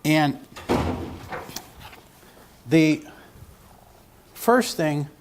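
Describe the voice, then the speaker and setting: Speaking very slowly in a rather high, animated voice over a noisy background, a man lectures live to a room of lawyers at a legal education seminar. He rambles through a joke and puts questions to the audience.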